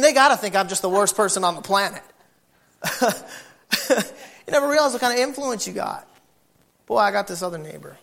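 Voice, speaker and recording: A man preaching with humorous storytelling, acting out neighbors and dogs in animated bursts. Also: high-pitched, vocal fry.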